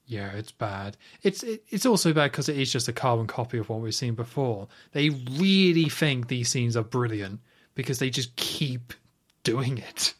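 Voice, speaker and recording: A man's voice: mid-range voice, moderate pace. Wry man recapping a film. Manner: wry, animated recapping with quoted lines. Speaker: podcast co-host. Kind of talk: casual film review chat.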